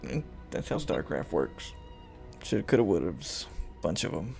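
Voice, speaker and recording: A man's voice: low voice, very animated, normal speed, creaky, a little mellow. A man chatting playfully and laughing easily with a friend while they play a video game. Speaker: gamer co-hosting a game session. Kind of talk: casual chat while playing a video game. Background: game music and sounds.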